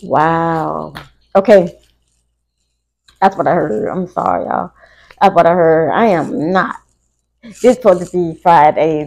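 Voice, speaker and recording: A woman speaking in a slow, unhurried way, with a gravelly edge to her voice. She talks, giving a casual live tarot reading to her viewers, and she gets emotional as she goes. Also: low-pitched, fairly even intonation, a little mellow, rough recording. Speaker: tarot reader.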